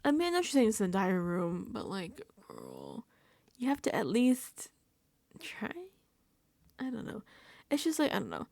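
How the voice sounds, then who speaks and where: A woman vlogger recaps reality TV casually, reacting and commenting, laughing often and slipping into whispered asides. Her medium-pitched voice swings widely in pitch and moves fast, creaky and darkish in tone, on a dry recording.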